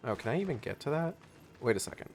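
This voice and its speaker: A man's voice: medium pitch, big pitch swings, fast, a little hiss or hum. A man giving casual, rambling, profane commentary while playing a video game, talking to himself as he goes. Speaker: gaming streamer. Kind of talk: casual let's-play commentary.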